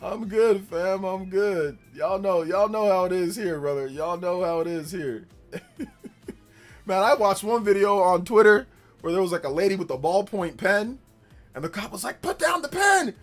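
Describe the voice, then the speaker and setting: A man hosting a gaming livestream in casual chat, telling stories with lots of laughter and loud acted-out quotes. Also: high-pitched, normal speed, faint music behind. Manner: animated storytelling, laughs often, acts out quotes loudly.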